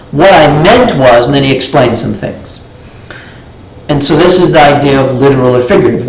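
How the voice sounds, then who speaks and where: A man's voice: fairly high pitch, roomy sound, poor audio. A man teaching a live class, telling stories and acting out little dialogues in raised voices.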